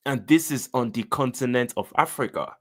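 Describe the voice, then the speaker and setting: A man's voice: medium pitch, moderate pace, a bit bright. A man with a Nigerian accent hosting a political commentary channel, speaking in an emphatic, direct way and addressing his listeners.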